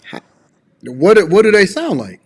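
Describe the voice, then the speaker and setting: High-voiced man needling a caller. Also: wildly swooping pitch, unhurried, darkish tone, breathy edge. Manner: needling, repeats questions, slangy. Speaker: podcast host. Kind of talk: teasing call-in banter.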